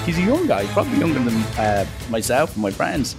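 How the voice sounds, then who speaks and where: A man's voice: normal speed, hardly any pauses, over music. A young adult man with an Irish accent telling rambling, jokey stories in a casual monologue, often interrupting himself. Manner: animated, swings pitch for acted quotes.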